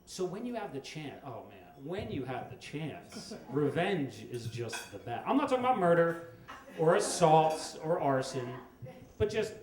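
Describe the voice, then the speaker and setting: A middle-aged man telling a comic story on stage at a storytelling event, wry and with dramatic pauses. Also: fairly high pitch, big pitch swings, darkish tone. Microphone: stage microphone. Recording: echoey live room with faint noise.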